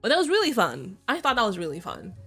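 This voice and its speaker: A woman's voice: medium pitch, huge pitch swings, quick pace, fairly bright tone, husky, soft background music. A young woman streamer chatting casually and telling stories with lots of giggles and quoted voices. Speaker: vtuber streamer. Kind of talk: casual chat.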